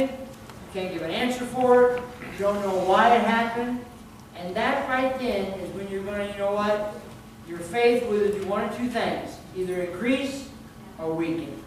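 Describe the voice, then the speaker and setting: A male pastor delivers a sermon in a loose, conversational way, circling back and repeating himself mid-sentence. He sounds a fair way from the microphone in a strongly reverberant church. A steady background noise runs under his voice. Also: high-pitched. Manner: conversational preaching with frequent restarts and repeated words. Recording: very echoey hall, distant mic, background noise.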